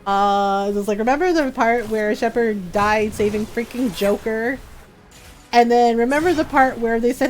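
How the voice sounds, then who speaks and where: A woman game streamer in casual chat, animated, laughing often and swearing casually. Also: fairly high pitch, normal speed, a little hiss or hum.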